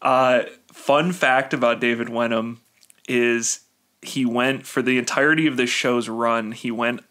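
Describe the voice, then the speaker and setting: A man's voice: medium pitch, fairly even intonation, a little slow, a bit bright. A young man hosting a casual podcast chat, joking, laughing often, talking in a loose, rambling way. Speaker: podcast host.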